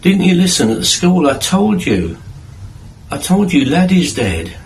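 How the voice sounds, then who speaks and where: An exasperated mother scolds her small children in a shrill, high voice that climbs well above a man's own range, as a man puts her on in a story. She sounds impatient and fed up. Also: very animated, measured pace, creaky, a little hiss or hum, heavily acted.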